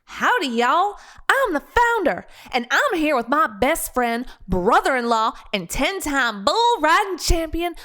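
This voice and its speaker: A narrator voicing a loud, folksy male pizza chain founder with a drawl, pitching like a salesman. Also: big pitch swings, measured pace, full character voice. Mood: hearty, salesy.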